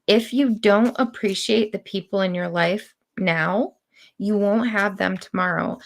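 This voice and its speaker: A woman giving spiritual readings on a live stream, speaking in slow, deliberate, drawn-out phrases. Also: mid-range voice, creaky. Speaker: spiritual reader.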